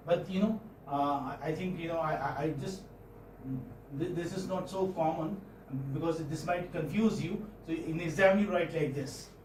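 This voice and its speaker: A man with an Indian English accent giving a classroom phonetics lecture, halting and often checking in with students. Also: on the high side, darkish tone, slight background noise. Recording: roomy classroom audio from far off.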